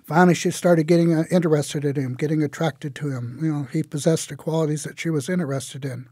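A man telling a traditional tale in a relaxed, conversational way with frequent fillers. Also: on the high side, fast, dry recording, clean studio sound. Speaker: storyteller. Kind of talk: oral storytelling of a traditional tale.

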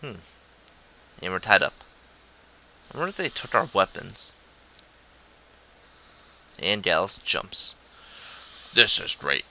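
A man's voice: sits low, sing-song, takes it slowly, long pauses, pushed and bright, rough recording. A man giving casual, jokey commentary on a video game, reading the dialogue aloud in goofy voices. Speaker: let's play host.

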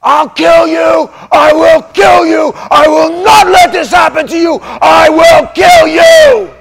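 A preacher shouting as an enraged father. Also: very high voice, animated, takes it slowly, gravelly, a crowd in the background, voice pushed up, exaggerated voice. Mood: furious screaming. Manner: screaming threats, strained and desperate. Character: enraged father screaming at his son.

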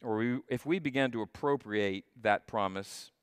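A man preaching a sermon as a guest pastor, stressing key phrases and slowing down to repeat them. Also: medium pitch, clear, resonant tone, no echo, studio quality. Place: church sanctuary.

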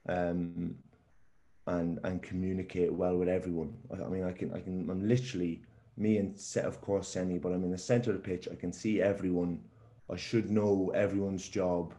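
A man's voice: sits low, flat delivery, moderate pace, dark tone. A young man, a footballer guest, talking in a casual interview, often repeating and restarting his words.

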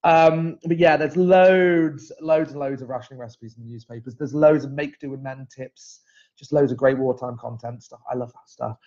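A man's voice: medium pitch, moderate pace, a little mellow, dull audio. A man hosting a live stream, reading out viewer comments in a chatty, rambling way, full of fillers and self-corrections. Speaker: host.

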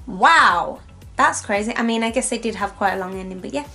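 A young woman, gushing and rambling excitedly as she reacts on camera. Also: mid-range voice, fairly quick, gravelly. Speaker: reaction video host. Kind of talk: casual reaction commentary. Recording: faint music in the background. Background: music playing faintly.

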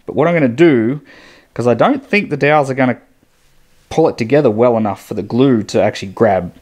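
Australian man, casual self-critical build commentary, mid pitch, echoey shed. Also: lively intonation, a little fast, darkish tone. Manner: thinking aloud, self-critical, easygoing. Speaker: boat builder vlogger. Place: boat shed workshop. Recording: echoey workshop, faint background noise.

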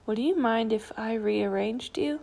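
A woman voicing a curious, polite male hermit crab in a storybook read-aloud, asking gently and courteously. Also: a little high, measured pace, gravelly. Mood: gentle, polite.

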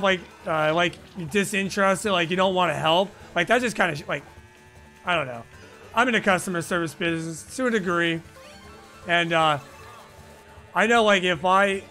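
A man with a high, bright voice chats casually while hosting a gaming stream, rambling and swearing freely. He speaks close to a boom-arm microphone at his home desk. Faint game music plays behind him. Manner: rambling, profane, frequent "like" fillers. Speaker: live-stream gaming host.

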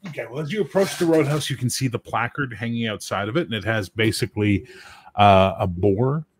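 A man's voice: medium pitch, a little fast, slight background noise. A man running a tabletop game as game master, narrating scenes loosely and correcting himself as he goes.

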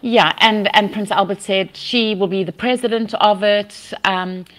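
A woman's voice: medium pitch, fairly even intonation, measured pace. Woman, South African accent, podcast host, casual chat, laughs often, restarts sentences.

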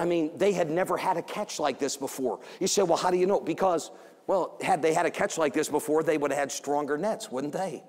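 A man preaching a revival sermon as an evangelist. He tells the story with animation, acts out the quoted voices and repeats phrases for emphasis. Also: a little high. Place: church sanctuary. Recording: long church hall reverb.

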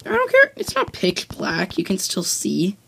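A gamer chatting casually during a co-op game, bossy and teasing, breaking into excited whoops. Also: mid-range voice, moderate pace, gravelly, a little hiss or hum. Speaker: let's play gamer. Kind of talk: casual co-op gaming chat.

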